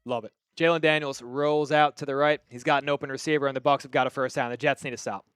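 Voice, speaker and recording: Smooth-voiced Long Island man hosting. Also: medium pitch, fairly even intonation, quick pace, fairly bright tone, no echo, clean studio sound. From Long Island, New York. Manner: casual, chatty, reads viewer messages aloud. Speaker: livestream host. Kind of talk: live game watch-party commentary with chat.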